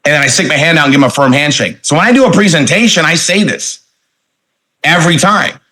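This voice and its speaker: A middle-aged man giving a motivational sales training talk, energetic and punchy, repeating his key phrases. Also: fairly high pitch, fast.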